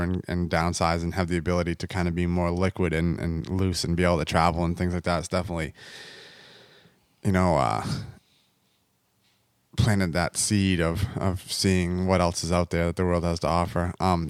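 A deep-voiced man from the United States rambles through a casual chat, full of fillers and asides. The recording is dry and close, with no room sound. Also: little pitch movement, fairly quick, smooth, no room sound. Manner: rambling, heavy on fillers like "you know what I mean".

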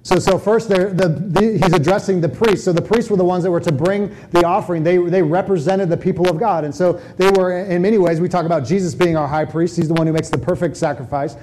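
A man preaching a sermon in a conversational, animated way, often restarting his phrases. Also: high-pitched, fast, few pauses, slight background noise, poor audio. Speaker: pastor.

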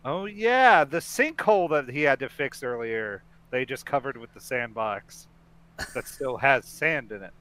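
A man with a bright, forceful voice co-hosting a casual podcast and walking through a film scene by scene. He laughs often, restarts sentences and rambles along good-naturedly. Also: medium pitch, expressive, a little slow, clear, resonant tone. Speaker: podcast co-host. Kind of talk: casual chat recapping a film.

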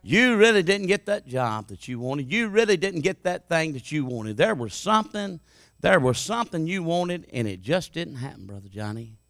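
A man preaching a sermon, dropping to a hushed murmur and then rising to loud, impassioned appeals. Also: on the high side, big pitch swings, moderate pace, no echo, studio quality.

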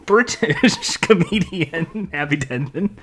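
Lively laughing podcast host. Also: medium pitch, husky. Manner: lively, laughing, quick quips. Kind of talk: casual podcast chat.

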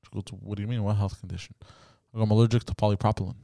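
A man's voice: lowish voice, level tone, rapid-fire, vocal fry, mellow, no echo. A man co-hosting a casual podcast, telling a story and acting out both sides of the conversation, swearing freely. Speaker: podcast co-host.

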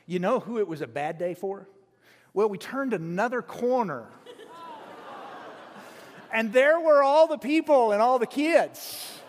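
High-voiced preacher in a reverberant hall. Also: male voice, unhurried, long pauses, slight background noise. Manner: folksy, animated storytelling with many restarts. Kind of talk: storytelling sermon. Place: church sanctuary.

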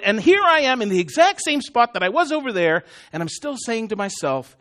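Very high-voiced male preacher. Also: sing-song, a little fast, hardly any pauses, fairly bright tone. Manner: conversational, self-deprecating, joking asides to the congregation. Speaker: pastor. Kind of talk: sermon.

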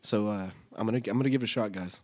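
Animated laughing male podcast host. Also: lowish voice, racing. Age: 30s. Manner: animated storyteller, acts out voices, laughs often. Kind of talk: casual chat.

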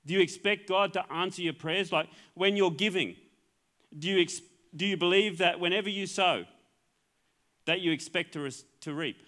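Middle-aged Australian male preacher with a high-pitched voice; earnest, stop-start sermon delivery. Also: normal speed, fairly bright tone. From Queensland, Australia. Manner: earnest, repeats words and restarts phrases. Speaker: pastor.

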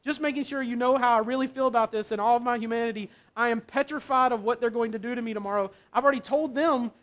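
An agitated, high-pitched man pleads desperately in prayer, as a preacher acts him out. The tone is raw and anguished throughout. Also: fast, fairly bright tone. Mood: anguished pleading.

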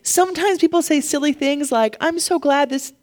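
A woman pastor preaching a sermon, animated and laughing often, getting emotional at times. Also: high-pitched, moderate pace.

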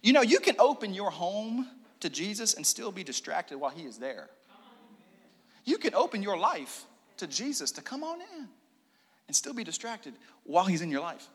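A man preaching a sermon in a church room, animated, with joking asides and hushed prayer. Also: high voice, moderate pace, breathy edge. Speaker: pastor. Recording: long reverb of a hall.

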